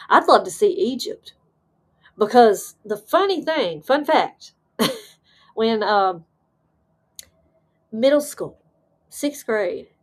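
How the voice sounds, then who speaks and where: A woman hosting a livestream, chatting casually with viewers and reading their comments aloud, rambling and excitable with bursts of laughter. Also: mid-range voice. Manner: chatty and rambling, trailing off often. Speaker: livestream host.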